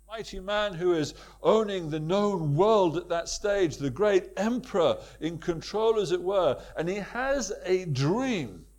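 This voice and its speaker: A man's voice: high-pitched, animated, measured pace, hardly any pauses, a little mellow. A man preaching a sermon with emphatic repetition and rhetorical questions to his congregation.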